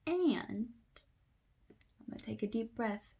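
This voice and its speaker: A woman's voice: fairly high pitch, expressive, takes it slowly, gravelly, warm tone, slightly rough, dull audio. Brief: young woman teacher, kids' circle-time read-aloud, playful, trips over tongue twisters. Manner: playful, stumbling through tongue twisters, talking to young viewers. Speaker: teacher reading aloud to children. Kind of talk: children's storybook read-aloud.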